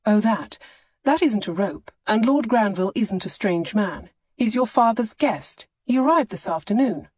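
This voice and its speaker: A woman voicing a flustered, earnest young English lady in an audiobook, her protests breathless and raised in pitch. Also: animated, moderate pace, darkish tone, husky, dry recording. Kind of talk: audiobook character dialogue.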